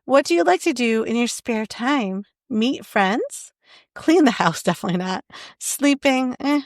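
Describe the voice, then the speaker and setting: A woman's voice: on the high side, expressive, a little slow, dry recording, studio quality. A young woman co-hosting a podcast, chatting casually and reading quiz questions aloud with laughs. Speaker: podcast co-host. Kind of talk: casual chat.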